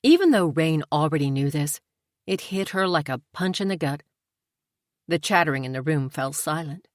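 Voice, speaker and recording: Low-voiced woman narrating an audiobook. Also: no echo, studio quality. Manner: measured, even storytelling.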